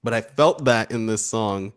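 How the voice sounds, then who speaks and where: A man's voice: on the low side, moderate pace, clean tone. Guy cohosting a music review, laid back and chatty, laughs a lot. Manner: relaxed, chatty, laughs often, reads lyrics aloud. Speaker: album review co-host. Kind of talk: casual music review chat.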